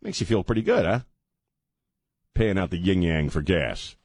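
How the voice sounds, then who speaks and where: A man's voice: sits low, big pitch swings, moderate pace, a little mellow, breathy edge, dry recording, clean studio sound. A man hosting a talk radio show, giving mocking, sarcastic political commentary and laughing at his own jokes.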